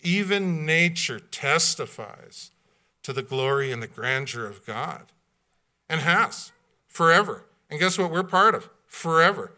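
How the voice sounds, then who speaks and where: A man preaching a sermon, blunt and folksy, swinging from loud outbursts to hushed asides. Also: a little high, expressive, measured pace. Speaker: pastor.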